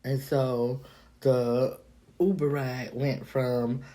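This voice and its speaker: A woman from the Miami-Dade area telling a personal story straight to camera, candid and profane, in an animated, chatty way. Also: very deep voice, very slow. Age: adult, past her younger days. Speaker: vlogger. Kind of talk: casual storytime monologue.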